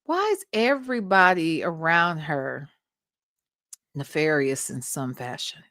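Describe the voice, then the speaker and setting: A woman's voice: low voice, animated, slow pace, sharp tone, no room sound, studio quality. A woman hosting a livestream, giving blunt, profane commentary and talking back to the recordings she plays. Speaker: livestream host. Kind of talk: casual commentary on played recordings.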